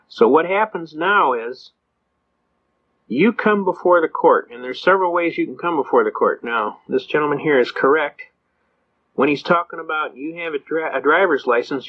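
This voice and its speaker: An older man speaking to an audience, folksy and storytelling, acting out the voices of people he quotes. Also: on the high side. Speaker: speaker on constitutional law. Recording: slightly dull lo-fi recording.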